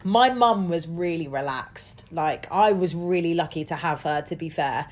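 A woman's voice: lowish voice, moderate pace, darkish tone. A young woman telling stories in casual chat, full of fillers and laughs. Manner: chatty storytelling, laughs often, many "like" fillers.

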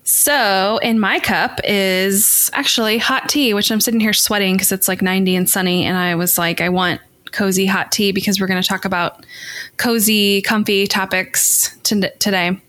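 A woman's voice: medium pitch, steady tone, normal speed, a bit bright. A woman co-hosting a podcast, talking in an upbeat, encouraging way to her listeners. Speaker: podcast co-host. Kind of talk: casual chat.

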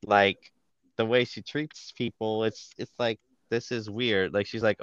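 A man co-hosting a casual podcast chat, opinionated and animated, with lots of fillers. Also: fairly low pitch, unhurried, clean tone, no echo, muffled recording. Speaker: podcast co-host.

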